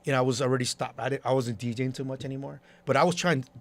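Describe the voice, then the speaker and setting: This club promoter and DJ talks very fast in a mid-range voice during a casual interview. His storytelling is lively, and he acts out each quoted voice.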